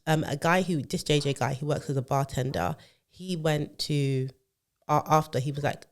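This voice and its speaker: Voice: medium pitch, normal speed. A podcast co-host, telling a long story in casual chat, full of fillers and restarts.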